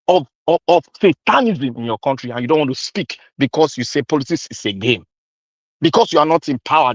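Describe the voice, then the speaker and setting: A man's voice: on the high side, no echo, lo-fi sound. Man, Nigerian accent, heated accusing rant, pidgin phrases, dry close sound. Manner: angry, accusing, repetitive; mixes in pidgin. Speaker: commentator. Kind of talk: impassioned political rant.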